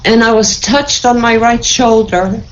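A woman's voice: a little high, fairly even intonation, a little slow, dull audio, a little hiss or hum. A woman sharing an emotional spiritual testimony in a group, fervent and tearful with joy, repeating her thanks and blessings.

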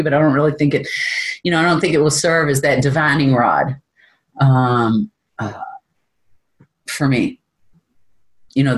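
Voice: medium pitch, rough recording. A spiritual teacher giving an informal talk from a room at home, candid and self-deprecating and often laughing.

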